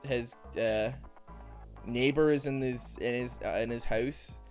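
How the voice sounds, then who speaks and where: A man giving rambling, self-mocking commentary over a video game, with quick asides. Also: medium pitch, fairly even intonation, soft background music. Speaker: gaming YouTuber. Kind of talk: joking gameplay commentary.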